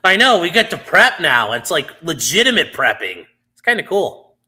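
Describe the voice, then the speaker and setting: Lively bright-voiced man hosting a livestream. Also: a little high, moderate pace. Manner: loose and rambling, many fillers, swears casually. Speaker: livestream host. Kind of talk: casual livestream chat answering viewers.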